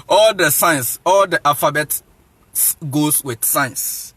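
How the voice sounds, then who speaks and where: Ghanaian man, deliberate teacher cadence, keeps asking if you follow, chuckles. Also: a little high, lively intonation, a bit bright, breathy edge, no echo. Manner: insistent, repeats "you see what I'm saying", chuckles often. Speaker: evangelist teaching. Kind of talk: informal lecture monologue.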